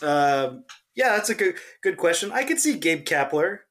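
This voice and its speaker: A man hosting a casual sports podcast, chatting and joking with quick asides. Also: a little high, very animated, a bit bright. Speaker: podcast host. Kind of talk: casual chat.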